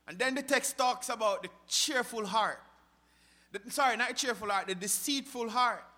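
A high-pitched male pastor delivers a sermon full of rhetorical questions, swinging from loud, impassioned rises to quiet drops.

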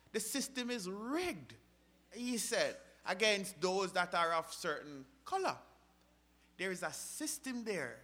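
Bright-voiced man preaching with passion. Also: high-pitched. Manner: impassioned preaching with sudden loud rises and quiet drops; rhetorical questions. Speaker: pastor. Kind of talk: sermon.

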